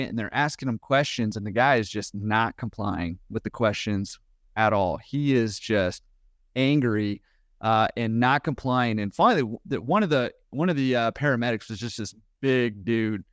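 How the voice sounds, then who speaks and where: A man's voice: medium pitch, smooth, no room sound, clean studio sound. A man, a podcast guest, telling a story casually and with energy, chuckling as he goes. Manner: animated, quick, laughing at his own story.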